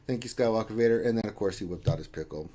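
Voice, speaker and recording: A man's voice: lowish voice, racing, dark tone. A man co-hosting a casual live stream, reading viewer chat aloud with joking, playful teasing.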